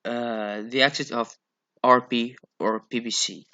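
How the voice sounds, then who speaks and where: Slow, hesitant male phonetics lecturer. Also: mid-range voice, steady tone, bright, forceful tone, muffled recording. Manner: slow, hesitant, many fillers and repeated okays. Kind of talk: classroom lecture.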